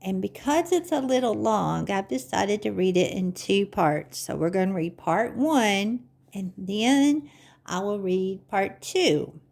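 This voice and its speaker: A woman hosting a children's story time, speaking gently and encouragingly to young listeners like a teacher. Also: medium pitch, expressive, slow, creaky.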